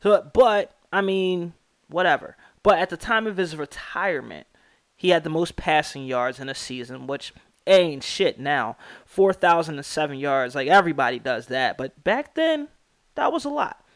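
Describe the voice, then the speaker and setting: A man's voice: on the high side, normal speed, no echo, studio quality. Opinionated young man on a sports podcast. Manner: opinionated, animated, slangy, rattles off stats. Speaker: podcast host. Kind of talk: casual sports podcast monologue.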